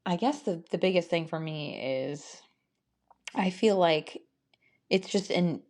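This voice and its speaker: A woman who is a podcast guest, reflecting aloud in a casual interview. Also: low voice.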